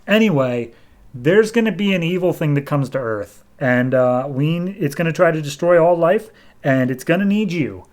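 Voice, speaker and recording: A man's voice: fairly high pitch, animated. Man casually recapping a comic. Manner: retells scenes with quick offhand character voices. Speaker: podcast host.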